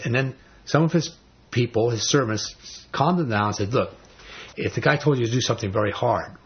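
A man teaching an informal Bible study, retelling stories in a folksy way with many fillers and lively quoted voices. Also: lowish voice, muffled recording.

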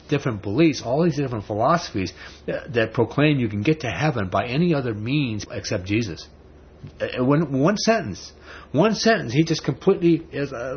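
A man's voice: medium pitch, slightly rough. A man preaching a sermon in a conversational way, building to emphatic rhetorical questions. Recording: dull lo-fi recording with faint background noise.

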